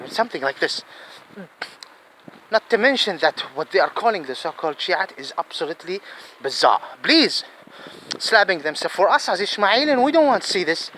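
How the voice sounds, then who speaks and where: A man with a notably high voice delivers a rambling, emphatic monologue, pleading and circling back to the same points. The recording is noisy, with wind and outdoor clatter underneath. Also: very animated, normal speed, bright, forceful tone. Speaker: vlogger.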